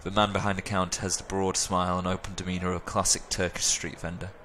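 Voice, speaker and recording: A man hosting a let's play, reading a video game's narration aloud at a steady pace. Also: low voice, fast, a little hiss or hum.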